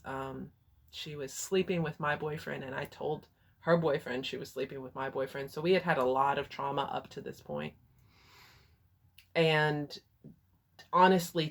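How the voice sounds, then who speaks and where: A woman's voice: deep voice, fairly bright tone. A woman from Texas with a Texas accent, telling a personal story in a frank, candid way with some hesitations. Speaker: vlogger and life coach.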